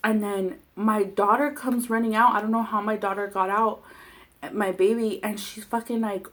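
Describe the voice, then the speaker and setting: A woman's voice: mid-range voice, fairly even intonation, moderate pace, a bit bright. A woman in her twenties telling a heated personal story while eating, blunt and profane. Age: 20s. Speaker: vlogger.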